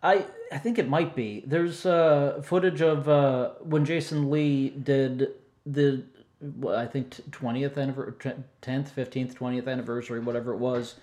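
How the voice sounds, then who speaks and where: A man's voice: medium pitch, steady tone, moderate pace, a little mellow. A man in his forties co-hosting a casual chat about movie soundtracks, talking chattily, often laughing and correcting himself mid-sentence. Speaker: podcast co-host.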